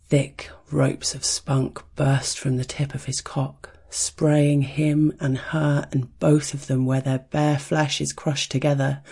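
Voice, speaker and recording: A narrator reading an erotic story in a soft, hushed way, chanting a steady heartbeat rhythm. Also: mid-range voice, gravelly, slightly rough.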